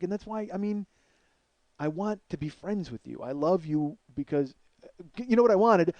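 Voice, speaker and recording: A man with a slightly high voice tells a comic story in a rambling, self-mocking way, with plenty of swearing. The recording is close and dry, with no room sound around him. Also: animated, normal speed, a little mellow, no echo, highs cut off. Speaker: comedian.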